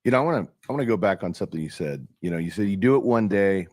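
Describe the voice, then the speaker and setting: Deep fast-talking man co-hosting. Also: lively intonation, a little mellow, no echo. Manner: affirming, chimes in to build on points. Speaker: co-host. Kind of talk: casual chat.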